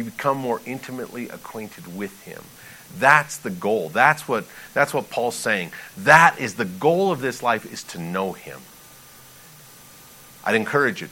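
A man delivers a sermon in a casual, conversational manner, breaking from scripture readings into emphatic asides. His voice is bright and his pitch swings widely as he pleads and jokes. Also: low-quality recording. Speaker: pastor.

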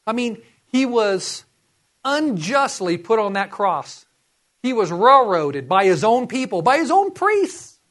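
A man's voice: high voice, animated, slow pace, a bit bright. A man preaching a sermon, reading scripture and earnestly urging his listeners.

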